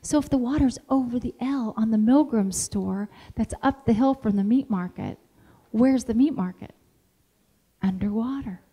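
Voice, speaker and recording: A middle-aged woman giving a motivational talk as an animated storyteller who acts out the dialogue. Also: a little high, normal speed, slightly rough. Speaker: motivational speaker.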